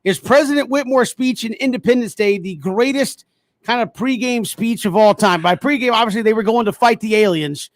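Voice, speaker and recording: High-voiced, dry-sounding sports show host. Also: male voice, normal speed, dry recording. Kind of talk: casual sports talk, moving segments along.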